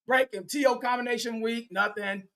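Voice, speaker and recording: A man with a high voice commentates a boxing match as a fan, speaking at normal speed while he reads viewer chat aloud. He gets excitable and profane, hollering encouragement at his preferred fighter.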